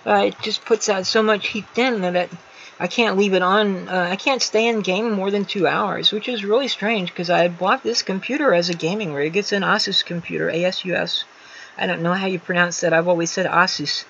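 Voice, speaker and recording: A woman's voice: mid-range voice, steady tone, brisk, creaky, fairly bright tone, a little hiss or hum. A woman hosting a casual livestream from a room at home, rambling along with many fillers and restarts. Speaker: livestream host. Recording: slightly dull lo-fi home stream audio.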